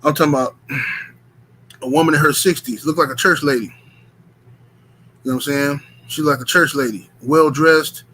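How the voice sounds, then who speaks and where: A man casually telling a profane, rambling story to his stream chat, animated and full of filler words. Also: a little high, moderate pace, pauses often, a little hiss or hum, low-quality recording.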